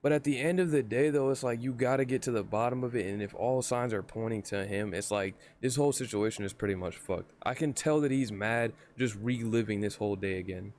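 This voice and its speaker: A man's voice: mid-range voice, brisk, hardly any pauses, darkish tone, slight background noise. A young man reacting to a story clip, talking plainly to his viewers in casual commentary. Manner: plainspoken, talks straight to viewers. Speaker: reaction streamer.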